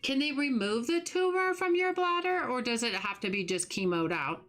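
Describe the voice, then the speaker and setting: A middle-aged woman hosts a livestream, chatting casually with her chat while she plays. Her voice sits high and sounds animated at a normal speed, and she's warm, sympathetic, and chatty, often restarting her sentences.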